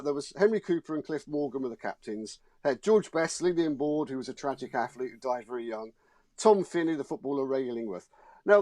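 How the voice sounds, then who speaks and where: A man's voice: mid-range voice, darkish tone, no echo. A man, a showbiz journalist guest, arguing his point emphatically and indignantly in a studio discussion. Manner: emphatic, indignant, repeats words.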